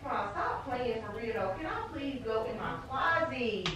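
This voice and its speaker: A woman's voice: on the high side, lively intonation, moderate pace, over music. A young woman in a bedroom at home, arguing casually with her partner in an insistent, exasperated, slangy way, recorded on a camera mic across the room. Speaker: YouTuber in a prank video. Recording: echoey room, mic off at a distance.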